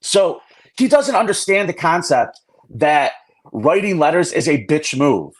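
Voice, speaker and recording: A man's voice: on the high side, big pitch swings, a little slow. A man, a guest on a live stream talk show, speaking bluntly and indignantly, swearing freely and rambling as he makes his point.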